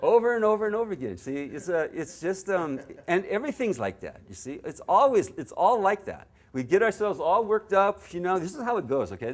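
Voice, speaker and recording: Man, spiritual teacher, fairly high voice, animated dharma talk, acts out quotes, meditation center. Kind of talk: dharma talk to a live audience.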